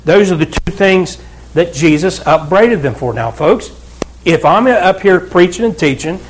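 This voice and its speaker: A man's voice: high voice, lively intonation, a little slow, slight background noise. A pastor preaching a conversational sermon to his church, with asides and repeated calls of "Amen?" to the congregation. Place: church sanctuary.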